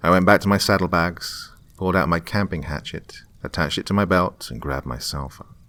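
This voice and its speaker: A man narrating a scripted horror story in a slow, hushed, suspenseful delivery. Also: deep voice.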